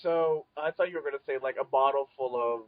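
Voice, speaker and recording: A man's voice: mid-range voice, a little fast, dry recording. A man joking playfully and mock-dramatically as co-host of a casual podcast chat. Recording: dull lo-fi podcast audio.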